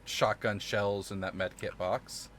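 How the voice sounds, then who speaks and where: A man's voice: fairly low pitch, steady tone, unhurried, a bit bright, slight background noise. A man streaming a game live, commenting casually with swearing and frequent laughter. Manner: casual, profane, laughs often.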